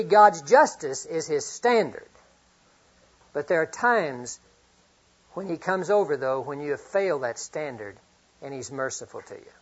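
A middle-aged man preaching a sermon, earnest, reading scripture often and swinging from loud to hushed. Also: fairly high pitch, breathy edge. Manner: reads scripture aloud often. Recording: dull lo-fi recording.

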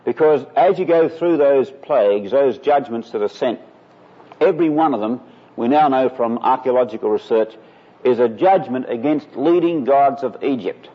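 A man's voice: medium pitch, moderate pace, husky. A man preaching a sermon in an earnest way, rising to emphatic peaks. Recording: lo-fi recording in a reverberant hall.

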